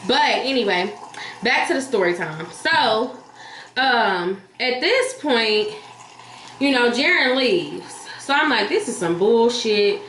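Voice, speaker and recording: Brief: woman vlogger, fairly high voice, animated and blunt storyteller, echoey room recording. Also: slow. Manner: animated, blunt, profane, addresses viewers as y'all. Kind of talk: casual storytime chat. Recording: echoey room with faint hiss.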